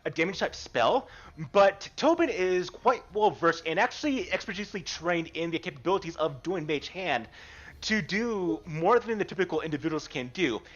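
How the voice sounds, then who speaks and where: A man narrates a tabletop game as game master, in an animated, rambling way with fillers. His voice is high and very lively in pitch. The sound is slightly dull, with faint music behind him. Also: normal speed.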